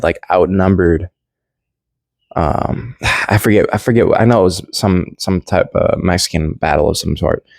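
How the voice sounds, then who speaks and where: Low-voiced young man, slangy Bible talk. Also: darkish tone, no echo. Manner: slangy, rambling, lots of restarts. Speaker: Bible study vlogger. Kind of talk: casual Bible commentary.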